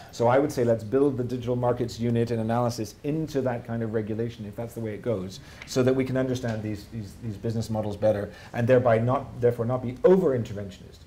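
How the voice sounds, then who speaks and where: A man with a Canadian accent speaking at a conference event, wry and lively, with rhetorical questions. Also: mid-range voice, slight background noise. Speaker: panel speaker. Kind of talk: public talk, answering questions. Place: conference hall.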